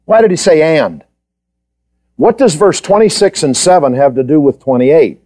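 Lively mellow-voiced man teaching Scripture. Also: fairly high pitch, normal speed. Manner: questioning the class, repeating points for emphasis. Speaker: Bible teacher. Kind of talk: Bible study lecture.

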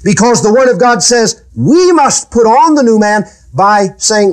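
A pastor preaching a sermon, asking the congregation rhetorical questions. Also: male voice, high voice, big pitch swings, unhurried.

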